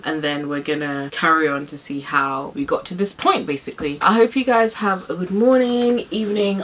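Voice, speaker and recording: A woman's voice: sits low, fairly bright tone. Emphatic woman vlogging. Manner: emphatic, repeats points for stress. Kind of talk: casual vlog talk to camera.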